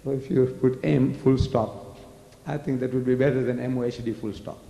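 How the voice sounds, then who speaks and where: A man's voice: medium pitch, steady tone, normal speed, gravelly, mellow, dull audio. Older man lecturing in an echoey hall. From South Africa. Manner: emphatic, rhetorical questions. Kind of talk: lecture with audience Q&A.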